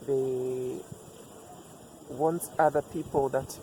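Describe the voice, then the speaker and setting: A man talks through relationship advice in a thoughtful, personal monologue at a mid-range pitch. He leans on repetition and rhetorical questions to drive his points home, while a steady hiss of background noise runs under his voice. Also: drawn-out words. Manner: reflective, repeats lines for emphasis, asks rhetorical questions. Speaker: vlogger giving relationship advice.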